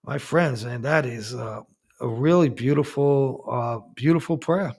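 A Catholic priest talking and telling stories in an emphatic, animated way, with frequent restarts. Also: male voice, mid-range voice, unhurried, creaky. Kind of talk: preaching talk with storytelling.

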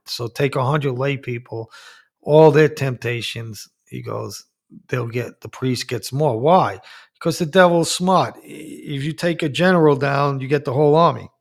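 A Catholic priest talking and telling stories in an emphatic, animated way, with frequent restarts. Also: male voice, mid-range voice, creaky. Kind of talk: preaching talk with storytelling.

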